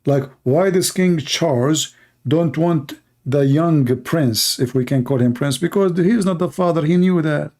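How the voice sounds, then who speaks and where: Middle eastern accented guy ranting on a stream, raspy low-toned voice, blunt and mocking. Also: measured pace, a little mellow. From Middle East. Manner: blunt, mocking, broken English. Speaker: host. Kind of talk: livestream commentary.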